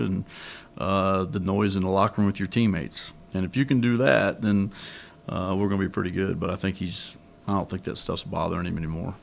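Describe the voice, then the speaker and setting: A man's voice: low-pitched, creaky, slight background noise. A middle-aged man, a head basketball coach, answering reporters at a press conference in a candid, rambling way with many restarts.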